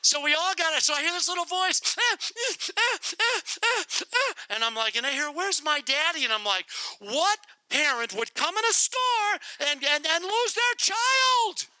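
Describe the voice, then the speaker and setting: A middle-aged man telling a testimony to a youth group and praying, in an animated, comic, repetitive storytelling manner. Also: extremely high pitch, moderate pace, few pauses, no room sound, low-quality recording. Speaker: guest speaker to youth group.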